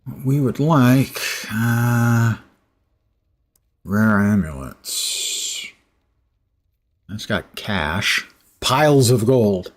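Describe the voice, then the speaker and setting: A man's voice: medium pitch, extremely slow, pauses often. A middle-aged man streaming a game, giving casual commentary with dry, sarcastic asides.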